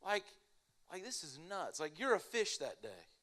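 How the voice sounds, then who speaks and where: A young man preaching a casual, animated sermon, telling stories in an everyday way. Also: sits high, moderate pace. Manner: animated, casual storytelling with lots of "like".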